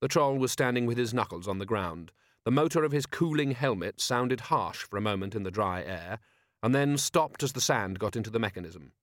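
A man's voice: on the low side, expressive, a little fast, no echo. Dry-voiced male audiobook narrator. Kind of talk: scripted narration.

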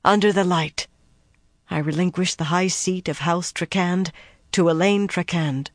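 A narrator voicing a proud queen stripped of her throne, speaking each phrase slowly and solemnly. The voice sits close and dry, with no room around it, as in an audiobook. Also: mid-range voice, dry recording, lightly acted. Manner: solemn, measured. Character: proud deposed queen, middle-aged woman.

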